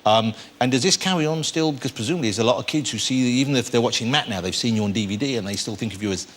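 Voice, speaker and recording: A man in his fifties hosting a chat show, asking quick, teasing questions of his guest. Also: medium pitch, a little hiss or hum.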